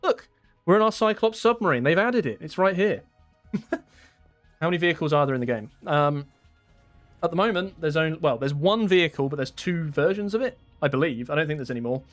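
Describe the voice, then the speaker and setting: A man's voice: fairly high pitch, animated, brisk, soft background music. A young man from England chatting casually on a live game stream, laughing often and answering his chat. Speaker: gaming streamer.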